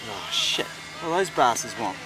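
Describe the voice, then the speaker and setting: A man's voice: mid-range voice, very animated, moderate pace, close to an everyday voice, rough recording. A young man with a New Zealand accent playing a brash, crude car-yard worker who swears constantly in naturalistic indie film dialogue. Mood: scornful. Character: brash foul-mouthed young Kiwi car washer.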